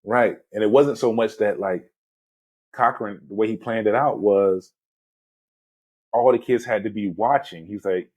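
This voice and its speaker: A man in his forties with a lowish voice, hosting a casual movie chat. He retells scenes with animated, rambling energy and drops "man" and "you know" constantly. The sound is dry, with no room echo. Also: a little slow, long pauses, slightly rough. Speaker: movie podcast host.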